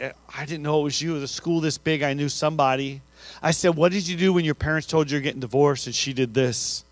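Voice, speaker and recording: A man speaking to students at a school assembly, telling stories that swing between loud and hushed. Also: on the high side, dry recording. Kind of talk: motivational speech to students.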